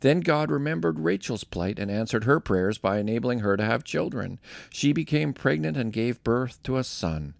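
Male reader, heavy vocal fry, lively delivery, dry close sound, scripture reading. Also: medium pitch, moderate pace, no room sound. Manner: lively, expressive storytelling. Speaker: Bible reader.

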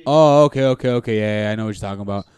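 A man's voice: lowish voice, very fast, a little mellow, clean tone, dry recording. A man in casual podcast chat about TV shows, thoughtful and hesitant, summing up what the other speaker says.

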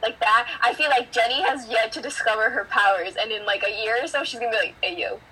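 A woman's voice: on the high side, fast, bright, forceful tone, slight background noise, poor audio. A teenage girl chatting casually on a podcast, winding through her thoughts with lots of fillers. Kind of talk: casual chat.

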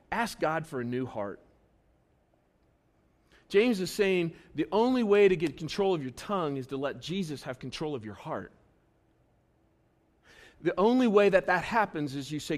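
A pastor preaching a sermon at a church service in a conversational way, his voice swinging between loud bursts and quiet, earnest asides. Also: on the high side.

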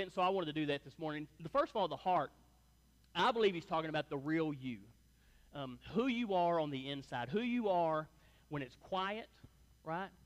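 A man's voice: sits high, big-room sound. A middle-aged man, a pastor, preaching a sermon to his church in a folksy, conversational way that leans on tag questions. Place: church sanctuary before a congregation.

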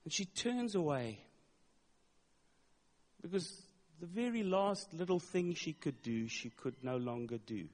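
A man's voice: on the high side, expressive, unhurried, a little mellow. A male pastor preaching a sermon, retelling a story dramatically with emphatic, repeated words. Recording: long hall reverb.

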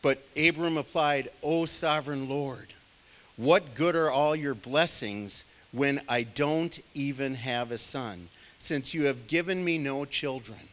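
A man's voice: mid-range voice, slow, fairly bright tone. A man preaching a sermon in a conversational way, full of asides to the congregation. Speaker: pastor.

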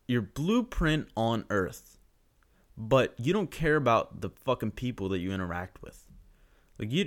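A young man ranting profanely and sarcastically through a solo podcast monologue. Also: lowish voice.

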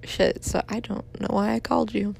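A woman's voice: mid-range voice, little pitch movement, moderate pace, vocal fry, a little mellow, a little hiss or hum. A young woman in her twenties leaving a rambling, apologetic voicemail, tired and yawning as she talks.

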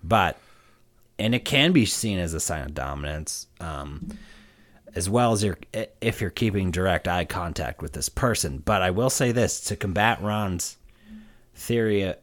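Blunt low-voiced male podcast co-host. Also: animated, normal speed. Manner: blunt, laid-back, swears freely. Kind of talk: casual chat.

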